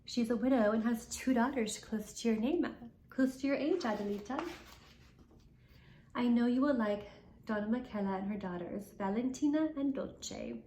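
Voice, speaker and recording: A woman reading aloud as a gentle, loving middle-aged male merchant father who speaks slowly and courteously. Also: on the high side, reverberant, slight background noise, natural voice, low-quality recording. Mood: announcing.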